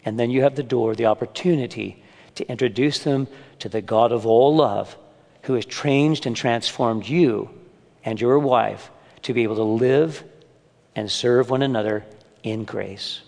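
A man's voice: medium pitch, a little slow, vocal fry, a little mellow. Older man preaching in an echoing hall. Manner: earnest, storytelling with humor. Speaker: preacher at a men's church gathering. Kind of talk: sermon. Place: church meeting room. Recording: long hall reverb.

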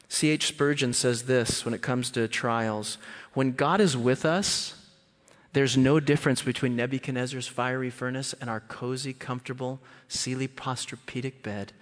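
A man preaching a sermon as a guest speaker, animated and lively, often acting out voices. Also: moderate pace. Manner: animated, acts out quoted voices with big pitch jumps. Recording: long hall reverb.

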